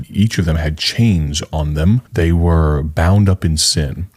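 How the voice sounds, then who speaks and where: A man in his thirties or forties with a very low, deep voice, hosting a radio ministry program. He talks in an earnest, conversational way as an evangelist, setting up a story before a sermon. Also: a little slow, hardly any pauses, darkish tone, slightly rough. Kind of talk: radio ministry broadcast introduction.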